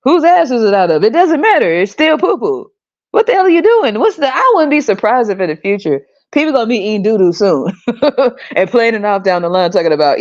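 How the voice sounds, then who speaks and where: Profane, animated woman podcast host. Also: on the high side, fairly quick, highs cut off. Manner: profane, animated, laughs often. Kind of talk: casual monologue rant.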